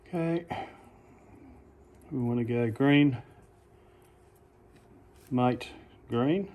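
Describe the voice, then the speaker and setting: An Australian man casually talking through a hands-on how-to demonstration, relaxed and unhurried, stopping now and then to correct himself. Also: mid-range voice. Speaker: amateur radio hobbyist.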